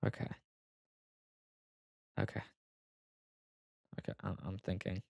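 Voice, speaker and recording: A young man telling a personal story to the camera, halting and full of fillers, close to tears at times. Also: deep voice, little pitch movement, vocal fry, a little mellow, dry recording. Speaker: vlogger.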